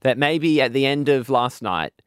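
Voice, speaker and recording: Animated playful radio co-host man. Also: medium pitch, moderate pace, smooth, no room sound, clean studio sound. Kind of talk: comedic radio banter.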